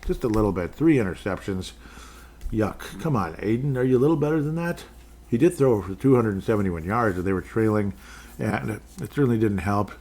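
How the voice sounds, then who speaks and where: A man's voice: lowish voice, expressive, moderate pace, a little mellow, husky. A man hosting a casual sports podcast, running through game stats with rambling, jokey asides. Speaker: podcast host.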